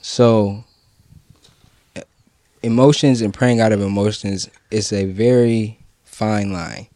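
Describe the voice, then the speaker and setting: A man co-hosting a faith podcast, talking in a relaxed, slangy, conversational way. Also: on the low side, takes it slowly, no echo. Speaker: podcast co-host. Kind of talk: casual chat about prayer.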